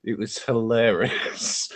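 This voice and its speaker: A man's voice: mid-range voice, steady tone, takes it slowly. A man chatting casually, hesitant and full of fillers. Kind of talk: casual group chat.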